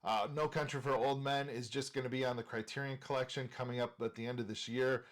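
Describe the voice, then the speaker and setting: A man's voice: medium pitch, steady tone, a little fast. A man from Minnesota hosting a movie channel, talking casually and enthusiastically while ranking film directors, with frequent filler words.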